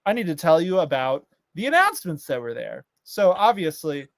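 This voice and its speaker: A man's voice: on the high side, big pitch swings, normal speed, creaky, no echo. A man co-hosting a casual show, rambling and ranting, full of fillers. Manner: ranting, exasperated. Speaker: podcast co-host. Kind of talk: casual chat.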